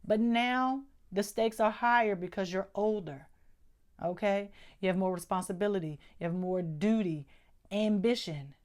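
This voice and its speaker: A woman's voice: mid-range voice, normal speed, a little mellow. Emphatic woman giving a tarot reading. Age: adult with doctoral degree. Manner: emphatic, repeats phrases, talks straight to viewers. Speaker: tarot reader.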